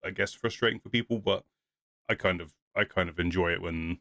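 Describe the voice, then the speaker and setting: With a low voice that comes across as pushed and bright, this young podcast co-host talks briskly in a casual review chat. He rambles, laughs a lot, and acts out quotes. The recording is dry and clean, with studio quality.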